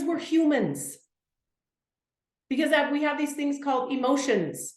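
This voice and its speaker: A woman in her thirties or forties speaks to a live group with eager, emphatic energy, often repeating her phrases for effect. Her voice sits a little high. The room rings with a noticeable echo. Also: animated, unhurried, pauses often. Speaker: workshop speaker. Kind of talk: live workshop talk to a group.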